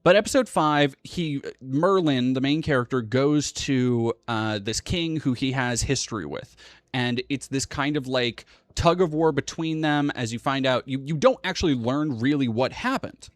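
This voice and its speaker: A man's voice: mid-range voice, normal speed, no echo. A young man hosting a livestream, ranting casually and profanely in a rambling way. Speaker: livestream host.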